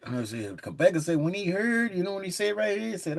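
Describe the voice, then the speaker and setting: A man teaching from the Bible in a casual, folksy way, reading scripture slowly and breaking in with chuckling asides. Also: sits high, big pitch swings, gravelly, a little mellow. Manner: chuckles often, says "man" and "look" a lot.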